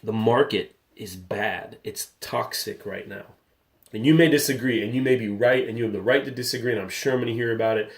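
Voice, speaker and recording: Gravelly-voiced man in his thirties, ranting. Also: medium pitch, fairly quick. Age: 30s. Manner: candid, rambling, gets riled up. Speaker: comic book collector and channel host. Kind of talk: casual spoken vlog.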